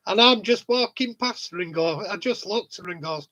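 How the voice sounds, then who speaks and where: A man's voice: sits high, normal speed, pushed and bright, poor audio. A man in a casual monologue vlog, talking bluntly, swearing freely and chuckling often. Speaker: vlogger.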